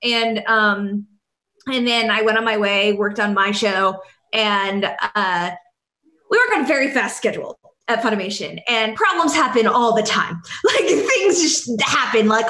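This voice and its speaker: A woman voice actress and director telling a lively anecdote and acting out quotes. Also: a little high, unhurried. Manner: lively storyteller, acts out quotes. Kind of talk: casual anecdote. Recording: echoey room.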